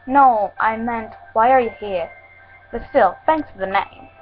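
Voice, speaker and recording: A polite young woman brimming with eager questions, as a woman reading a story puts her on. Her voice sits fairly high, and the recording is muffled, with faint music underneath. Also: unhurried, lightly acted. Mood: curious. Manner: asks many eager questions.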